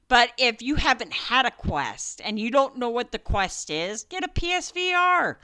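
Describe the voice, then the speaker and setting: A woman's voice: fairly high pitch, sing-song, a little slow, pushed and bright, clean tone. An older woman, a grandmother who hosts a gaming channel, chatting casually and rambling through a family story with fillers and laughs.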